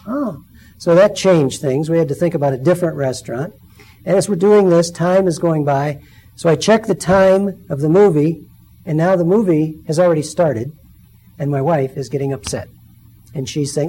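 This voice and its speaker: Middle-aged male lay preacher, mellow tone, slightly high, storytelling testimony. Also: expressive, moderate pace, breathy edge, low-quality recording. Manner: storytelling, acts out quoted voices. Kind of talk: personal testimony sermon.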